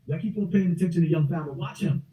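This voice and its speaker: A man's voice: on the high side, quick pace, warm tone. A man delivering a mocking rant and repeating his taunts over and over. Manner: repetitive, taunting. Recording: roomy, distant mic with faint music.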